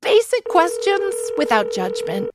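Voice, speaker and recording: A woman hosting a podcast, talking in an animated, playful way with quick asides. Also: very high-pitched, very noisy. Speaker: podcast host. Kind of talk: comedic podcast monologue.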